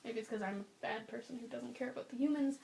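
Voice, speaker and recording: Young woman podcast co-host, fairly high voice, animated and opinionated, casual chat. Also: quick pace, gravelly. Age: young adult.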